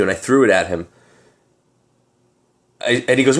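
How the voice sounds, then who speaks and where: A man, tired, telling a story to his vlog audience in a casual, animated, street-casual way. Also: medium pitch, fairly quick, pauses often. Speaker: comic collector vlogger.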